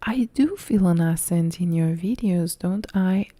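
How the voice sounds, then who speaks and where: A young woman from Italy with an Italian accent, softly whispering as she chats and answers viewer comments in a whispered role-play live stream. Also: lowish voice, measured pace, no echo. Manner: soft whispered chat reading viewer comments.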